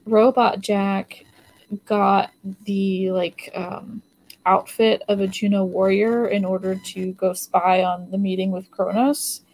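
A woman's voice: mid-range voice, steady tone, slow, darkish tone. A woman co-hosting a podcast in casual chat, giggly and loose, full of "like" fillers. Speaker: podcast co-host.

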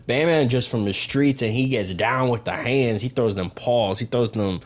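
A man's voice: medium pitch, normal speed. A young man co-hosting a casual sports chat, laid-back and slangy, with many fillers. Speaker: podcast co-host.

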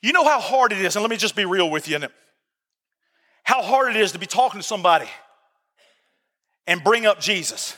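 Male pastor, very high bright voice, fervent repetitive preaching, church hall reverb. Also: lively intonation, brisk, pauses often. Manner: impassioned, repeats phrases, addresses congregation directly. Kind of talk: sermon. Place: church sanctuary.

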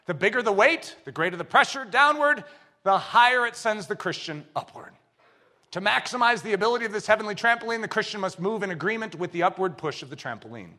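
A man preaching a sermon as pastor, swinging between loud bursts and hushed low lines.

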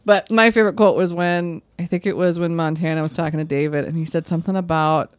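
A woman's voice: steady tone, fast, smooth, no room sound. Laughing woman podcast co-host. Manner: laughs often, acts out quotes in a high voice. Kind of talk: casual chat.

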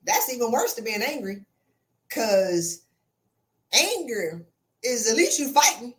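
Woman, podcast host, motivational monologue, blunt, sassy, very lively delivery. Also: slow pace. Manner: animated, sassy and blunt, with wide swings in pitch and loudness; colloquial and direct, calls listeners "sis". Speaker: podcast host and life coach.

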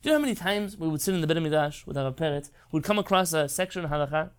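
A man's voice: a little high, lively intonation, racing, smooth. Impassioned man lecturing on Torah. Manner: impassioned, emphatic, rhetorical. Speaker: rabbi.

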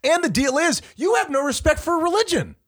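A man's voice: very high-pitched, sing-song, brisk, fairly bright tone. A man co-hosting a comedy talk show who ribs his partner with sarcastic, mock-serious quiz questions. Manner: teasing, mock-serious quiz-master delivery; sarcastic ribbing. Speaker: co-host. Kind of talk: joking banter between co-hosts.

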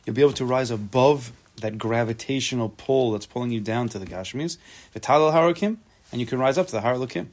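Here is a man leading an informal Torah class in a conversational tone. He stops to repeat himself while searching for words and drops in playful asides. He works through the text line by line, translating as he goes, at an average pitch for a man. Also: fast. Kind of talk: casual spoken Torah class.

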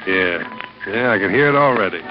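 Actor as a terse, low-voiced hard man. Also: fairly quick, natural voice. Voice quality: terse, flat, hard-edged. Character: grim hardened American man in Havana. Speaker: lead and narrator. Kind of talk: 1940s radio acting. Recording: dull old radio broadcast with music.

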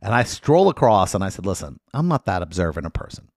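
A man's voice: low voice, fast, gravelly, no echo, studio quality. A man, a guest lawyer, telling comic stories in casual podcast chat and acting out the people he quotes. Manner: animated, acts out quotes in loud voices.

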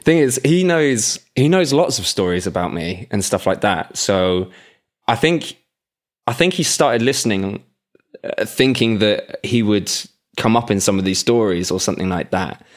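A man with a London accent chats casually as a podcast co-host. He talks in halting bursts full of fillers and breaks into laughter often. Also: on the low side, animated. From England. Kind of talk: casual chat. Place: home room.

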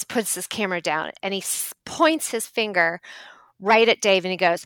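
A woman's voice: normal speed, no room sound. A middle-aged woman, a photographer and podcast guest, telling stories casually and acting out quotes with big jumps in her voice. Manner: animated, acts out quotes with big pitch jumps. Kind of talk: casual storytelling.

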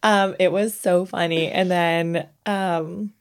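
A woman's voice: on the low side, fairly even intonation, slow pace, smooth. A young adult woman co-hosting a podcast in casual chat, laughing through her stories and swearing freely. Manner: swears freely, uses cringe as a verdict. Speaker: podcast co-host.

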